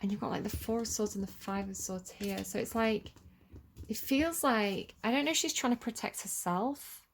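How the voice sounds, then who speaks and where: A woman's voice: medium pitch, normal speed, vocal fry, a little hiss or hum. A woman giving a casual tarot reading, talking in a chatty, rambling way with lots of "like" and "you know.". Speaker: tarot reader.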